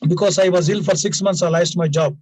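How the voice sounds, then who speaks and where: A man with a high-pitched voice teaches an English grammar lesson. He explains each rule through example sentences and repeats the key points for emphasis. His speech is sprinkled with "now" and "please," and it is recorded dry and close, with no room sound. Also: steady tone, brisk, a little mellow, dry recording, poor audio.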